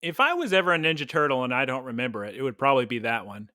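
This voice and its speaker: A man's voice: medium pitch, animated, very fast, sharp tone, no echo, studio quality. A young man co-hosting a podcast, chatting casually and rambling through stories with frequent laughs. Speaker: podcast co-host. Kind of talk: casual chat.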